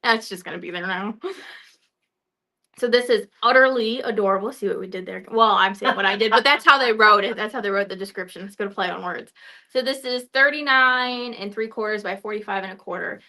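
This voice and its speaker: A woman's voice: mid-range voice, fairly quick, pushed and bright. A young woman hosting a casual live show of new quilting products, chatty and laughing at her own verbal slips. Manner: chatty, giggly, trips over words and laughs at herself.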